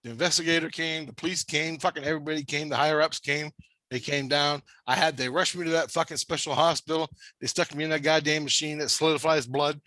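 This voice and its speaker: A man's voice: fairly high pitch, fairly even intonation, fast, pushed and bright, no room sound. A man telling a long, rambling story in casual conversation, swearing constantly and talking with intensity. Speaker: storyteller recounting a spirit-world experience.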